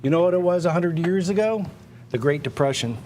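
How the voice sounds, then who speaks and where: A slightly high, darkish male voice comes through briskly and expressively. He's an auctioneer running a livestreamed online sale indoors at his computer, pushing bids with repetitive salesman talk and stammering restarts.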